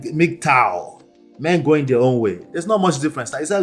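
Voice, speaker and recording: A man's voice: fairly high pitch, big pitch swings, brisk, faint music behind. A man reacting to clips as a relationship coach, emphatic and repetitive, laughing between points. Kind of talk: casual reaction commentary.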